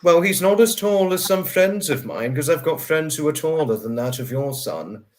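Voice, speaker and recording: A man's voice: a little high, lively intonation, normal speed. Chatty man hosting a livestream. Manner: chatty, repeats phrases, talks to chat viewers. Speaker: livestream host. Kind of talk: casual chat.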